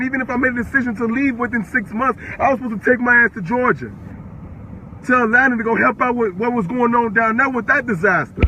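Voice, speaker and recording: A young man of eighteen unloads an angry live-stream rant, profane and repetitive, his questions piling up. His voice sits very high and sounds tense and bright. Faint noise hums behind him. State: upset and worked up.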